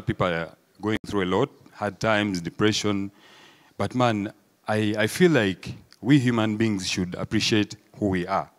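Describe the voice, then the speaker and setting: A man with a Ugandan English accent performs a live stand-up comedy set. He tells his stories with animated energy, plays the voices of onlookers, and keeps checking in with the audience. His voice sits at an ordinary middle pitch for a man. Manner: animated storytelling, acts out crowd voices, peppered with "eh?".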